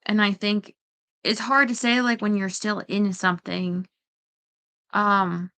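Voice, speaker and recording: A woman's voice: medium pitch, flat delivery, takes it slowly, a bit bright. A woman hosting a casual chat, rambling with lots of fillers and quoting herself. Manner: rambling, full of fillers and self-quotes. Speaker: podcast host.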